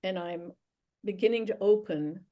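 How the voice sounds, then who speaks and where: An older woman, a guest, earnestly telling a personal faith story with soft, tearful pauses. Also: medium pitch, dull audio. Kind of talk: emotional personal testimony.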